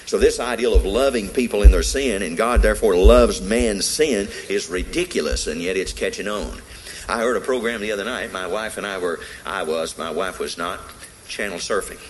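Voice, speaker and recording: A man's voice: fairly low pitch, moderate pace, slight background noise, low-quality recording. A man preaching a sermon in a church service, emphatic and repetitive in a preacherly way. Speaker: pastor.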